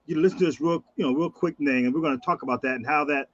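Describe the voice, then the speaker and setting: A man hosting an interview, asking halting questions full of restarts. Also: fairly high pitch, fairly bright tone. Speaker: interviewer, host. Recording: dry, slightly dull sound.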